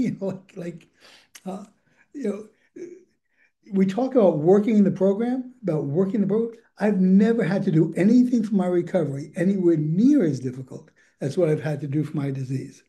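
Older male recovery speaker, very mellow dark tone, slightly high pitch, candid and rambling. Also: moderate pace. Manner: candid, rambling, chuckles often. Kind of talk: personal recovery share.

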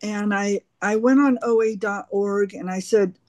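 A woman sharing her recovery story at a twelve-step meeting, halting and earnest, often repeating her words. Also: mid-range voice, steady tone, a little mellow, no echo. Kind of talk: personal recovery share.

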